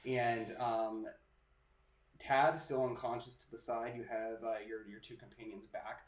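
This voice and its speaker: A man's voice: mid-range voice, level tone, unhurried. A man narrating as game master of a tabletop game, talking casually with fillers and restarts. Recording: roomy sound with music behind.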